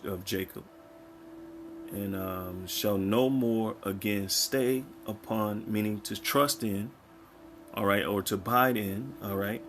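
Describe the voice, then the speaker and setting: A man from the United States teaching scripture in a casual, conversational way, often checking in with his listeners and reading verses slowly before explaining them. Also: fairly low pitch, a bit bright, slight background noise. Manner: conversational, keeps checking in with "all right?" and "man"; reads verses slowly, then explains them in plain talk. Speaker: preacher.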